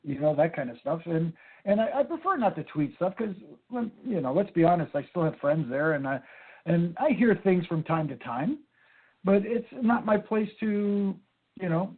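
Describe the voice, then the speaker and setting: A man's voice: a little high, lively intonation, normal speed, slightly rough. A man, a former wrestling referee from Canada, telling stories in a rambling way with many fillers in a phone interview. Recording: tinny phone line.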